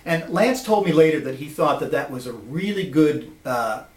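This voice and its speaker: A man telling a personal story in a lively, animated way, recorded from a distance in an echoey room. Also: on the high side, moderate pace. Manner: animated, lively, acts out voices.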